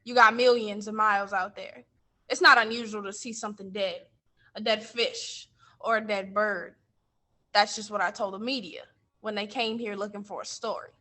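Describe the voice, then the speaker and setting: A woman playing a blunt middle-aged man who runs a coastal mission, telling his story on stage and getting heated and loud. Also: mid-range voice, steady tone, normal speed. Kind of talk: stage monologue from interviews.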